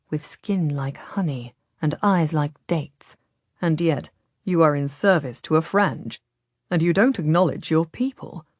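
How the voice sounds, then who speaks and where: A woman voicing a quiet, coaxing Ottoman nobleman. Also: deep voice, no room sound, studio quality. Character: smooth persuasive Ottoman nobleman, adult man.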